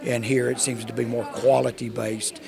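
A man's voice: medium pitch, flat delivery, normal speed, gravelly, crowd noise. A man from Oklahoma with an Oklahoma accent, a visiting farmer answering interview questions in a friendly way, with many "uh" restarts. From Oklahoma, USA.

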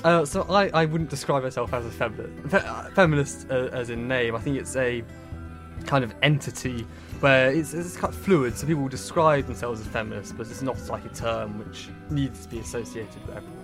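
A young man with a Northern English accent talks politics on a podcast, stopping often on fillers and restarting his sentences. Music plays clearly underneath his voice. His pitch sits in an ordinary middle range. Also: a little fast. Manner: hesitant, many fillers and restarts. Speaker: podcast co-host. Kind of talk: casual political chat.

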